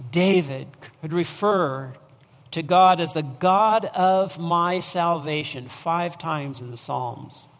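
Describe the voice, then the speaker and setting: Slow, deliberate preacher in a reverberant hall. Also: male voice, fairly high pitch, fairly bright tone. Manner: deliberate preaching with repeated restarts and rising emphasis. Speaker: pastor. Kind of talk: sermon.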